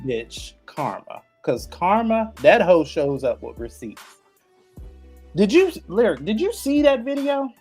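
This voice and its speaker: A man's voice: high voice, big pitch swings, a little slow, darkish tone, husky, soft background music. A man hosting a podcast, delivering a blunt, emphatic and profane opinion rant. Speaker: podcast host.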